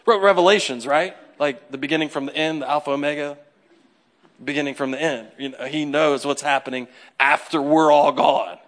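Brief: male pastor, bright and high-voiced, who jokes with the congregation during the sermon. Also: steady tone, moderate pace. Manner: joking, talks straight to the congregation. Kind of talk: humorous conversational sermon.

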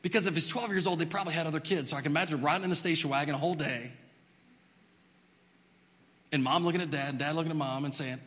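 Male pastor, high and bright, animated storytelling sermon, echoey church hall. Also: fast, long pauses. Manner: animated storytelling with acted-out voices. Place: church sanctuary.

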